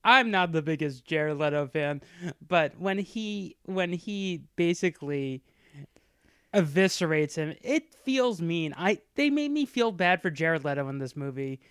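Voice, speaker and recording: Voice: mid-range voice, animated, measured pace, a bit bright, clear, resonant tone, no echo, clean studio sound. A podcast co-host chatting casually about a movie, blunt and joking, with some swearing. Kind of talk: casual film review chat.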